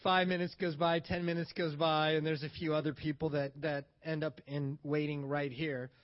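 Guy with a higher voice telling a story, acts out what people said, kinda muffled lo-fi sound. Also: normal speed. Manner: animated storytelling, acts out other people's lines. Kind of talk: casual spoken anecdote.

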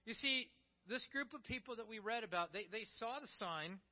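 A man's voice: high voice, animated, normal speed. A male pastor preaching a sermon in a conversational way, acting out the quotes he tells. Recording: dull, muffled recording.

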